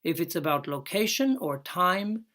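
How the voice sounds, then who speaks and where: An English teacher, a woman with a lowish, slightly bright and very animated voice, gives a recorded lesson. She explains step by step, slowly and carefully, drawing out her example words and phrases.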